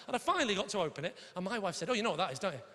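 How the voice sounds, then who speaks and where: A middle-aged man doing stand-up comedy, swearing and telling stories in animated mimicked voices. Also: high voice, very fast. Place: large hall with a live audience. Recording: live hall echo, faint noise.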